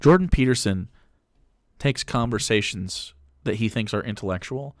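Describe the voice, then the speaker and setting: A man's voice: on the low side, normal speed, no room sound, clean studio sound. A man streaming live who mocks a clip in casual, profane commentary. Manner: mocking, profane, swings between jokes and asides.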